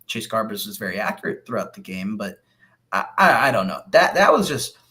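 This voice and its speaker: A man's voice: on the low side, very animated, fairly quick, pushed and bright. A young man co-hosting a sports podcast, explaining plays in casual talk with stammered starts. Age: young adult. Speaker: podcast co-host.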